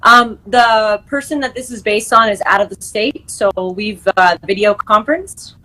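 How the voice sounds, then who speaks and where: A woman's voice: mid-range voice, moderate pace, bright, forceful tone, rough recording. A young woman, an actress and screenwriter, chatting as an interview guest, full of fillers and restarts. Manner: chatty, many fillers and restarts, laughs easily. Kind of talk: casual interview chat.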